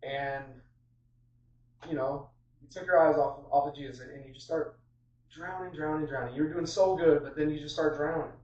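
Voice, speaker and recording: A man's voice: a little high, steady tone, normal speed, a little mellow. A man giving an informal sermon on a Bible passage, conversational and full of fillers and restarts. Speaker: preacher. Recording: roomy, distant, dull sound.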